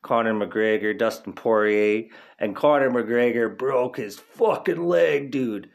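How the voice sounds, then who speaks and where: A man's voice: medium pitch, slow, gravelly. A young man hosting a podcast in casual chat, laid-back and rambling, swearing freely, stoned. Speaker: podcast host.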